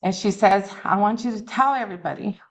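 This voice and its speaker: A middle-aged woman giving an earnest, halting personal recovery testimony at a meeting. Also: mid-range voice, rough recording. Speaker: alumni speaker at a recovery meeting. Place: meeting room.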